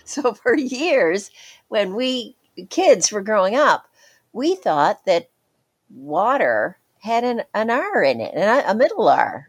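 A Canadian woman co-hosting a podcast in lively casual chat, sometimes imitating how people pronounce words. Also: mid-range voice, slow, slightly rough, rough recording. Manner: lively, conversational, mimics pronunciations. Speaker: podcast co-host.

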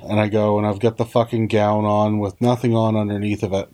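A man's voice: fairly low pitch, level tone, fairly quick, dark tone. A man telling a blunt, profanity-laden personal story in casual conversation. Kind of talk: casual chat.

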